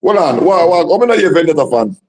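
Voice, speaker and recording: A man's voice: fairly high pitch, very animated, fast, darkish tone, poor audio. A man with a Jamaican accent hosting a casual call-in livestream, talking in repeated, stumbling starts. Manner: repetitive, stammering, laughs often. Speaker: livestream host.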